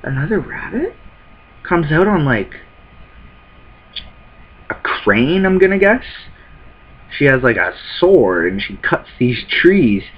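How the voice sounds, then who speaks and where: Slow-talking man reacting to a comic. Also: a little high, big pitch swings, slightly rough. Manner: reads panels aloud, muttering asides. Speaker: YouTuber reacting to a manga. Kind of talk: casual live reaction reading. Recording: dull lo-fi recording.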